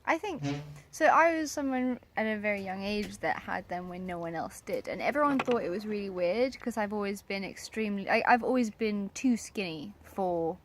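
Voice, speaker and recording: A woman chatting on a casual home vlog, emphatic and quick to laugh. Her voice sits at an ordinary pitch, and a faint background noise runs under it. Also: lively intonation. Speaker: co-host of a couple's vlog. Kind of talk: casual chat.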